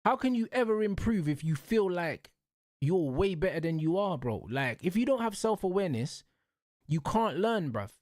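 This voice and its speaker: A man's voice: high-pitched, sing-song, moderate pace, darkish tone, no echo, clean studio sound. A young man, hosting and ranting casually about football in heated, repetitive street slang. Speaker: show host.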